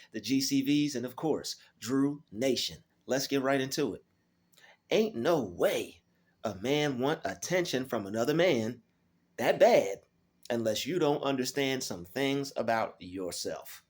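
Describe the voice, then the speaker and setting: A man hosting his own channel, talking casually and preachily to his viewers, often repeating words as he searches for them. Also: medium pitch. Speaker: YouTube channel host. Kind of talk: casual monologue to camera.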